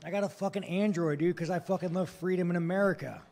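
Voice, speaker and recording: Gravelly, profane fighter trash-talking. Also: male voice, high voice, fairly even intonation, fast talker, a little mellow. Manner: profane, blunt, provocative trash talk; mocking, laughs at his own jokes. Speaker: fighter at a post-fight press conference. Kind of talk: brash press-conference answers.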